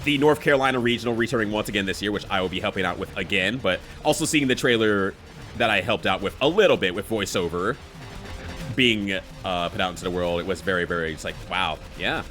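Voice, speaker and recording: Lively, laughing man streaming a game. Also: low voice, quick pace, soft background music. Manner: chatty, laughs often, talks to chat while playing. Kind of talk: casual gameplay commentary.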